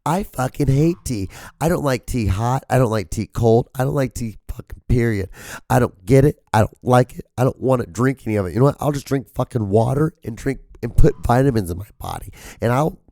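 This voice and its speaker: A male podcast host who has lost his voice rambles casually, his hoarse speech straining and cracking, peppered with "like" and swearing. His voice is medium-pitched and warm, his pace brisk, and the recording is dry.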